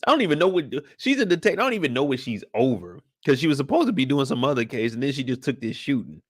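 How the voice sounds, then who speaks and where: A man's voice: mid-range voice, very animated, fast talker, no echo, studio quality. A man hosting a casual TV recap show, talking in a profane, laughing way. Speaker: show host.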